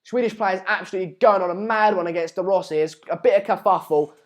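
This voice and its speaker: A man's voice: high voice, fairly even intonation, quick pace. A man hosting a live football watchalong, chatting casually and reading out viewer comments. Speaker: live stream host.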